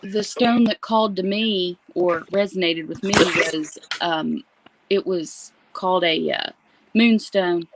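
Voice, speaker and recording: A woman's voice: fairly low pitch, slow, slight background noise, poor audio. A woman chatting casually on a live video call, explaining things in an easygoing way with frequent ums. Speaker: guest on a live chat.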